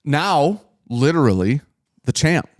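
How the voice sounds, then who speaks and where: A man's voice: a little high, slow, no echo. Dry, casual-talking man telling a story. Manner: animated storytelling, acts out quotes, swears freely. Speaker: podcast co-host. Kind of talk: casual chat.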